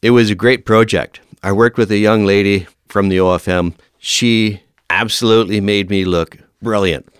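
A man's voice: on the low side, moderate pace, hardly any pauses, smooth, no echo, clean studio sound. A middle-aged man, a fire service officer, telling work stories in a casual, emphatic way and often laughing. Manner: animated, emphatic storyteller who laughs often. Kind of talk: casual anecdotal storytelling.

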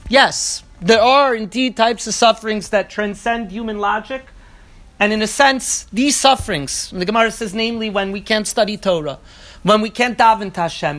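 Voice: medium pitch, a bit bright. A teacher giving an evening lecture on a Talmud passage, reading each line in the original and translating it phrase by phrase, with earnest restated phrases and a few hesitant fillers. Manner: occasional hesitant fillers while searching for words. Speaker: Torah teacher.

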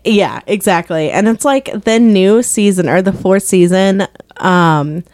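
A woman's voice: mid-range voice, a little slow, darkish tone, no room sound. A woman chatting casually about TV shows, full of filler words and laughter. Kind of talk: casual chat.

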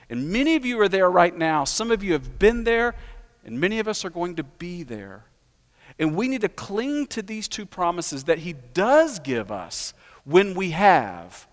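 A pastor preaches to his congregation with a fairly high voice. He tells stories in a conversational way and then builds to emphatic, rising peaks. His voice carries a long reverb from the church sanctuary. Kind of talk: sermon.

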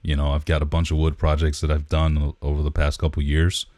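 Very deep-voiced man, rambling casual chat. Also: monotone, quick pace, darkish tone, no echo. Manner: laid-back, rambling with fillers. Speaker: podcast co-host.

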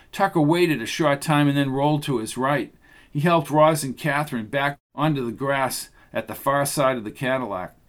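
Male narrator, mid pitch, steady even storytelling read. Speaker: audiobook narrator. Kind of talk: scripted narration.

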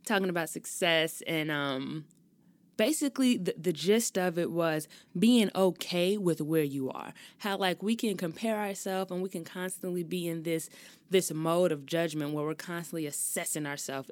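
A young woman hosts her solo podcast, chatting loosely and animatedly with plenty of slang. Her voice sits a little low for a woman. The recording is close and dry, with no room sound. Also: moderate pace, no room sound. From Chicago, US Midwest. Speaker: podcast host. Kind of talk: casual solo podcast chat.

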